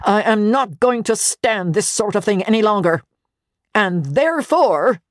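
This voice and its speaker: A woman doing a gruff old miser. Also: mid-range voice, lively intonation, a little slow, no room sound, studio quality, pitched above the performer's own voice, natural voice. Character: old male miser, gruff then joyful.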